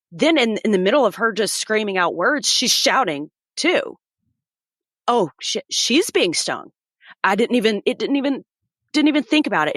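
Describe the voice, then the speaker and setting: A woman's voice: mid-range voice, fairly bright tone, no room sound, clean studio sound. Woman vividly retelling a frightening hike. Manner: vivid storyteller acting out voices. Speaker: guest. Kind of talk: personal story in an interview.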